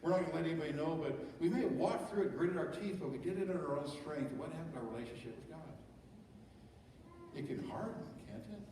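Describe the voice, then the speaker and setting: Brief: middle-aged male pastor, fairly high voice, chatty sermon full of rhetorical questions, distant mic in a reverberant church hall. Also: lively intonation, fast, background noise. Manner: conversational preaching with rhetorical questions. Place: church sanctuary. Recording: echoey church hall from far off.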